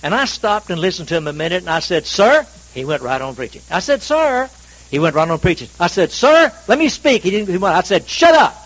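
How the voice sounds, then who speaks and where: Folksy preacher, higher voice. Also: male voice, fast talker, hardly any pauses, poor audio. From North Carolina, USA. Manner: folksy, self-deprecating, dramatic swings in pitch and loudness. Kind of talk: sermon with humorous storytelling. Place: church service.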